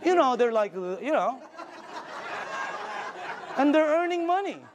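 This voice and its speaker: High-voiced older man giving an emphatic sales pitch. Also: very animated, unhurried, noisy background. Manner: enthusiastic, storytelling, emphatic. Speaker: sales presenter.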